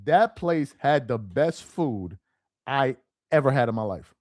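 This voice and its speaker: With a medium-pitched, animated voice, a live stream host takes his time reading viewer chat and reacting casually. He laughs easily and repeats himself a lot. There is no room sound, just a clean studio recording.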